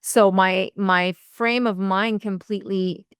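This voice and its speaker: A woman's voice: mid-range voice, steady tone, slow pace, smooth, dry recording, studio quality. A woman relationship coach telling a personal story in a podcast interview, acting out quoted dialogue and laughing often.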